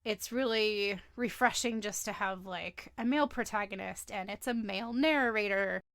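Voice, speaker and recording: A woman's voice: medium pitch, moderate pace, dry recording. Easygoing woman podcast host, dry sound. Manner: relaxed and easygoing, with fillers and laughter. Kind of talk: casual chat.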